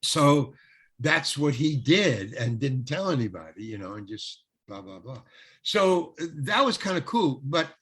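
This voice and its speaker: Speaking in a medium, sing-song voice, unhurried and a touch bright with some breathiness, an older actor on as a guest wanders through entertainment-industry tales. It's casual talk, full of restarts and acted-out quotes.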